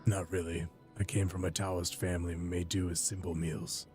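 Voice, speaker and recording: Man doing a low, weary warrior hero. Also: level tone, normal speed, faint music behind, natural voice. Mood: dry. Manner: low, quiet, dry and curt. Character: grim, weary adult male warrior hero.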